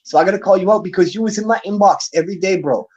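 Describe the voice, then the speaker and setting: A man's voice: high-pitched, racing, a little mellow, highs cut off. A man hosting a battle rap league stream, ranting angrily and profanely as he calls someone out. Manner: angry, profane, calling someone out. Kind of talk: heated livestream rant.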